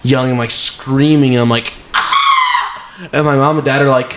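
A man's voice: medium pitch, fast talker, a little hiss or hum. A young man co-hosting a casual podcast, telling a story animatedly and dramatically. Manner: animated, laughing, dramatic retelling. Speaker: podcast co-host.

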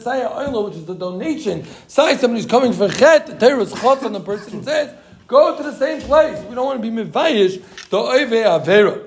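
A man's voice: sits high, darkish tone. A man leads a casual Talmud class. He talks in a loose, rambling way, repeats himself, and keeps dropping Hebrew and Yiddish terms into his English. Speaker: Talmud teacher.

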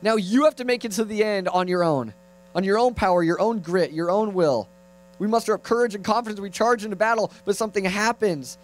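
Animated young male preacher. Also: high voice, a little fast, rough recording. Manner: animated, swings from loud to hushed, playful asides. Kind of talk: sermon.

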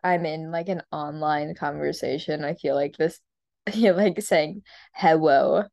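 A woman's voice: low-pitched, fairly even intonation, measured pace, gravelly, a little mellow, lo-fi sound. A young woman co-hosting a podcast in casual chat, giggling often and filling her talk with "like". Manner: giggly, lots of "like" fillers. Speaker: podcast co-host.

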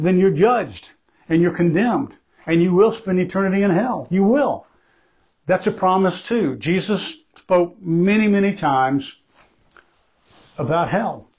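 A pastor delivering a sermon in a slightly high, husky male voice. He speaks earnestly and emphatically, circling back to repeat his key phrases. The recording sounds dull and lo-fi. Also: darkish tone.

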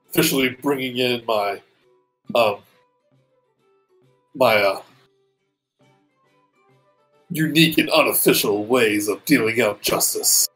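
A man's voice: mid-range voice, a bit bright, poor audio. A man doing a blunt sewer vigilante. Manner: blunt, boastful. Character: male sewer-dwelling vigilante, gruff, eager for fights.

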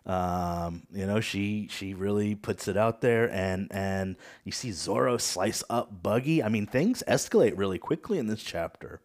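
A man with a lowish voice hosts a laid-back podcast discussion. He talks loosely, with plenty of fillers and quick laughs between thoughts. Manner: relaxed, hesitant, laughing often. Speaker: podcast host. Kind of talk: casual chat.

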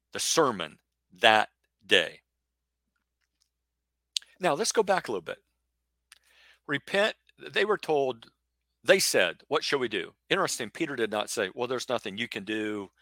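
A man's voice: mid-range voice, a bit bright, no room sound. A middle-aged man preaching an emphatic Bible lesson, acting out imagined questions in a rhetorical style. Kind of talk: sermon-style Bible teaching.

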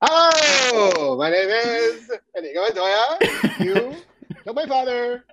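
A man doing an impression of a comedian playing a vengeful swordsman, in a high, playful, sing-song voice. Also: very animated, slow pace, noisy background, full character voice.

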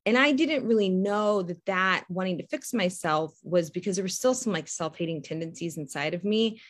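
A woman hosts her own podcast alone and talks to listeners as if to friends. Her voice sits on the low side. She rambles, circles back on her words and laughs softly as she goes. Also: normal speed. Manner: chatty and rambling, with restarts and soft laughs. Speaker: podcast host and faith coach. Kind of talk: casual solo podcast talk.

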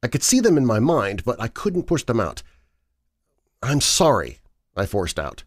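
A man narrating a first-person horror story in a measured, dramatic reading. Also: mid-range voice, huge pitch swings. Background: faint background music.

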